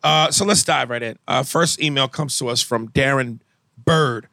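A man's voice: medium pitch, normal speed, gravelly, sharp tone, no echo. A man hosting a podcast in casual banter, reading listener emails in a brash, profane, teasing way. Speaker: podcast host.

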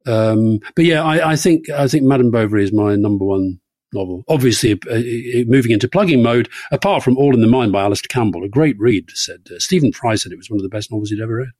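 A man's voice: mid-range voice, fast, darkish tone, dry recording. A middle-aged man co-hosting a podcast, teasing, dry and blunt as he reads questions. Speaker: podcast co-host. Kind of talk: casual podcast chat.

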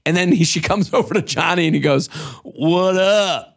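A man co-hosting a podcast in casual chat, animated and swearing as he acts out quotes from a reality show. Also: fairly high pitch, fast talker, vocal fry, slightly rough. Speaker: podcast co-host.

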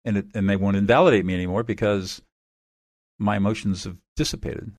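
A man being interviewed as an expert guest, calmly explaining methods in a measured, instructive way. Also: fairly low pitch, no echo.

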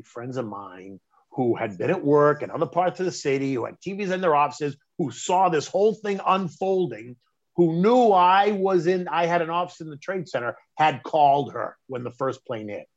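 A middle-aged man, telling a personal story in conversation, animated and emphatic, often restarting mid-phrase. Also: medium pitch. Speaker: interview guest recounting a personal story. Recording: dull lo-fi sound.

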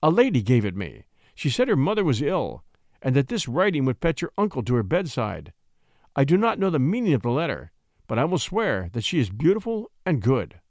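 A man's voice: mid-range voice, wildly swooping pitch, fairly quick, a little mellow, dry recording, studio quality. A man voicing an earnest young shepherd poet who speaks with respectful ardor. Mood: tender.

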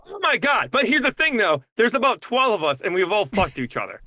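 A lively woman guest on a podcast who jokes and swears freely in loose, casual chat. Her voice is bright and forceful. The close mic keeps the sound dry and free of any room. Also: medium pitch, a little fast, no echo. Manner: animated, joking, swears freely.

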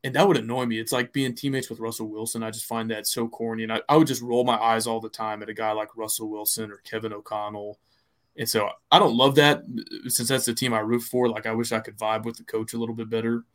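A man's voice: on the low side, flat delivery, fast talker, fairly bright tone. A man co-hosting a podcast, chatting casually about football in a rambling way, full of restarts and fillers. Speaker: podcast co-host. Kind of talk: casual sports chat.

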